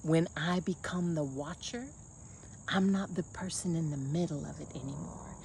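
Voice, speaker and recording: A woman's voice: low-pitched, moderate pace, creaky, a little mellow, slight background noise. A woman coaching in a casual motivational monologue, blunt and folksy, calling the listener honey.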